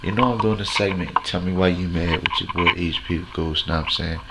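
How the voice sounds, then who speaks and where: A deep-voiced man with a gravelly, creaky edge rants brashly and profanely, hosting his own comedy bit straight to the camera. His talk rambles along on repeated catchphrases, over a noisy hiss in the recording. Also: fairly even intonation, fairly quick. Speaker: host of a comedy segment. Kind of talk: crude stand-up style rant to camera.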